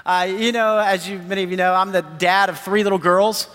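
A man in his thirties preaching a sermon as pastor, animated and enthusiastic, laughing often. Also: sits high, a little fast. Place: church sanctuary. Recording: long hall reverb.

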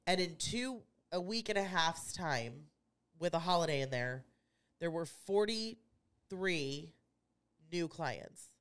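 A woman's voice: lowish voice, animated, takes it slowly, clean tone. A woman, co-hosting a casual podcast as an insurance agent, chatty and rambling. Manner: chatty, rambling, laughs easily. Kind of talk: casual chat.

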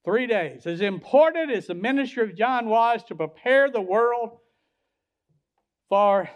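Pastor, man, high voice, sermon delivery with big loud-to-soft swings. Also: expressive, unhurried, clean tone. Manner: preaching, swinging from loud hollering peaks to low quiet drops.

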